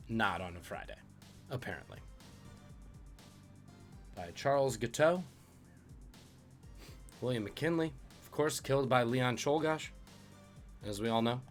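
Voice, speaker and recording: A man hosts a live-streamed trivia quiz, mixing questions with dry jokes about the viewers' guesses. His voice sits at a middle pitch. Soft music plays faintly behind him. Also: takes it slowly, long pauses. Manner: jokey, reads out questions and chat guesses. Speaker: trivia host.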